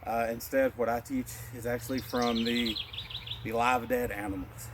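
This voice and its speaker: Calm man cueing breaths in a qigong lesson. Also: mid-range voice, normal speed, noisy background. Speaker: martial arts instructor.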